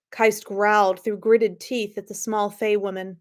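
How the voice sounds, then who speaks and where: A woman's voice: medium pitch, level tone, a little slow, hardly any pauses. A woman, the author of the story, who gives a chatty summary with fillers and restarts and then reads her story aloud. She is slightly sniffly and not a professional narrator. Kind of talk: casual story introduction and reading.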